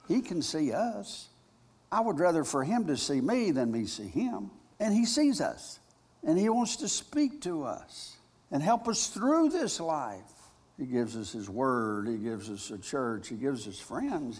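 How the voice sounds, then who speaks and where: A male pastor preaching a sermon, telling a story dramatically and moving between loud and hushed delivery. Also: a little high, big pitch swings, measured pace, breathy edge. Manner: dramatic storytelling with big swings in loudness. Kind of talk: sermon with a retold personal story.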